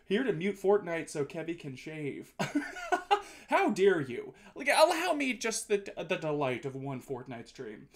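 A man's voice: a little high, wildly swooping pitch, a little slow. A man streaming live, chatting casually and playfully with his viewers, reading their messages aloud and joking back.

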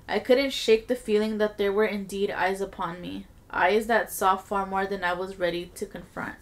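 A woman podcast host reading a creepy story aloud with steady storytelling and blunt, casual asides. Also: mid-range voice, normal speed.

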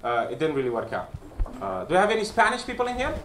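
In a small basement club, a man from Romania performs stand-up and works the crowd, speaking fast in a fairly high voice whose pitch swoops wildly. He teases people playfully and keeps asking "right?" to check in. It's captured on a distant, echoey room mic amid loud crowd noise.

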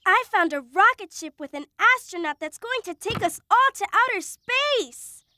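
A very high-pitched gushing cartoon animal girl. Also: moderate pace, faint music behind, heavily acted. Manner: excitable, dramatic, gushing.

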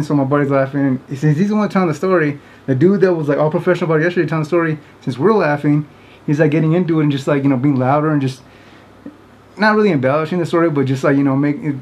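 A vlogger with a fairly high, somewhat dark voice tells a funny story to the camera in a casual way. He rambles, leans on lots of fillers, and keeps breaking into laughter.

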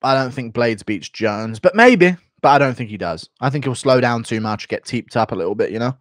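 A man's voice: mid-range voice, animated, a little fast, dry recording, studio quality. A man streaming, reading donations and chatting with sarcastic, casually profane remarks. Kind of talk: casual livestream chat.

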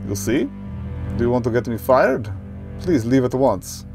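A stiff, officious waiter, as a man puts him on, firm and prim in a middling male pitch. He sounds snooty and rule-bound. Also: big pitch swings, measured pace, music in the background. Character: snooty male waiter guarding a private dinner.

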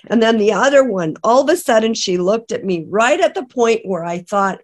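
A middle-aged woman from Canada, a podcast guest, telling an emotional personal testimony in a halting way with many restarts. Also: fairly high pitch, animated, a little mellow. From British Columbia, Canada. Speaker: interview guest.

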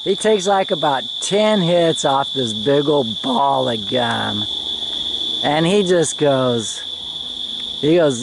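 A man's voice: fairly high pitch, a little slow, gravelly, noisy background. A man casually telling a rambling travel story, acting out the people he met and swearing often. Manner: rambling, animated, swearing, acts out others' lines.

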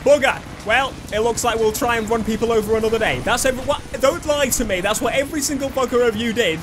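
A young man giving cheeky, sweary, excitable commentary while playing a video game. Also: very high-pitched, quick pace, noisy background. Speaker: gaming YouTuber. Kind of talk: casual gameplay commentary. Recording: game music playing underneath.

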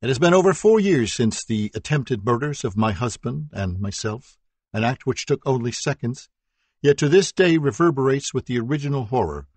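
A man's voice: mid-range voice, animated, moderate pace, darkish tone, no room sound, close to an everyday voice. A man reading as a solemn woman victim. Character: woman victim giving solemn court statement.

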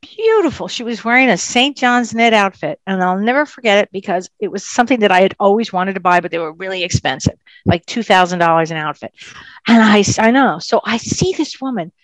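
A woman with a medium-pitched, animated voice speaks a little fast as a psychic medium guest telling her story in a casual interview. She hits key words hard, and the sound is close and dry with no room echo.

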